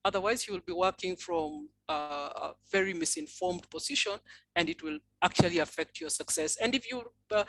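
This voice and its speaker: A woman's voice: on the low side, fairly bright tone, rough recording. A woman from Nigeria answering on a conference panel, thoughtful and full of fillers and restarts.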